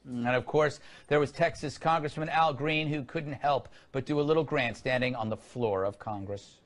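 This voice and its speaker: A man's voice: medium pitch, normal speed. A man hosting a comedy talk show, with wry, sarcastic banter and monologue jokes. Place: television studio.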